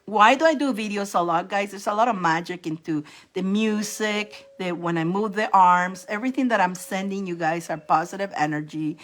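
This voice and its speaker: A woman's voice: medium pitch, moderate pace, hardly any pauses. A woman giving a casual, rambling spiritual pep talk to her viewers, often restarting and repeating phrases. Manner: rambling, animated, laughing at herself. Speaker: spiritual coach and reader.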